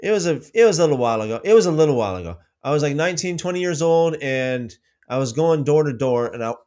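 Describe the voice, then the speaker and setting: A man hosting a casual livestream about faith, reading out viewer comments and telling stories with many restarts. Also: fast talker. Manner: rambling, restarts often, lively pitch swings when telling stories.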